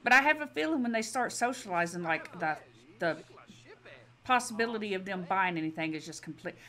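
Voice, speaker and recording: A woman's voice: mid-range voice, animated, brisk, a bit bright. A woman giving casual let's-play commentary, chatty and exasperated as she pleads with the characters in her game. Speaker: gaming video creator.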